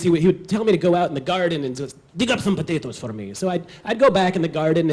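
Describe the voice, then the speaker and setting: A man's voice: on the high side, a little mellow. A man telling a personal story at a live storytelling show, wry, comic and self-deprecating.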